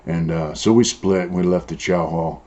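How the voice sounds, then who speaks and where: With a low, darkish voice at a moderate pace, an older former prisoner from San Diego, Southern California, tells his prison stories in a casual interview. The telling is blunt and profane, thick with "uh" and "you know," and the audio is dull and lo-fi.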